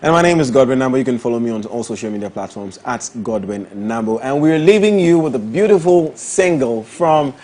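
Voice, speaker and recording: A man's voice: mid-range voice, expressive, fairly quick, hardly any pauses, a little mellow. A man with a Ghanaian accent co-hosting a morning show, joking and teasing his guest about football. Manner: teasing, jokey, laughs often. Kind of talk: playful morning show banter.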